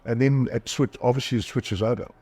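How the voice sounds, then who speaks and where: A man's voice: mid-range voice, fairly even intonation, brisk, mellow, husky. A middle-aged man, a psychologist and author, talking candidly in a podcast interview, telling stories about himself and acting out the voices in them. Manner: candid, self-deprecating storyteller who acts out quoted dialogue.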